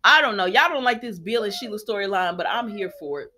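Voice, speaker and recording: A woman hosting a casual recap vlog, talking straight to her viewers in an animated, sassy way. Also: mid-range voice, brisk, slight background noise. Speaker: soap opera recap host.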